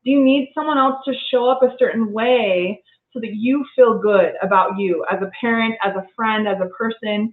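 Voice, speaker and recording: Woman, earnest and reflective, fairly high voice, echoey room heard over a tinny phone line. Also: fairly even intonation, moderate pace. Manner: earnest, reflective, with many restarts. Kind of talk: casual conversation.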